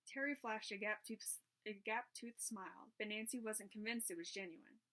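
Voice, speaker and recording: A woman reading a children's mystery novel aloud at a steady pace, with small restarts now and then. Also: mid-range voice, normal speed, few pauses.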